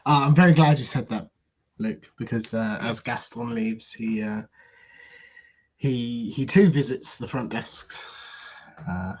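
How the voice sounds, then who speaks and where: A man's voice: mid-range voice, a little slow, breathy edge, dull audio. A man playing a tabletop game, describing his character's actions in a hesitant way. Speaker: player.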